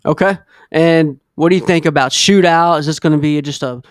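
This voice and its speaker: A man's voice: fairly high pitch, moderate pace, clean tone, no room sound, studio quality. A man hosting a casual sports podcast, rambling a bit and saying "man" often. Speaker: podcast host.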